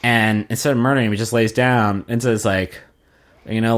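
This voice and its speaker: A man's voice: medium pitch, fairly even intonation, normal speed. A man co-hosting a podcast, recapping a show in casual chat with a wry, sardonic manner and casual swearing. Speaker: podcast co-host.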